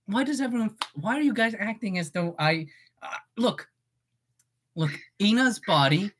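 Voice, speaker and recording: A woman's voice: medium pitch, lively intonation, moderate pace, husky. An eighteen-year-old woman streamer and voice actor chatting casually, goofy and swearing, breaking into yelps.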